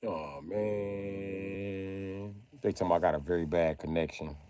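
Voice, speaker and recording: A man ranting on a casual livestream, profane and loud, breaking into high mock pleading. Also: fairly even intonation, slow pace, slight background noise.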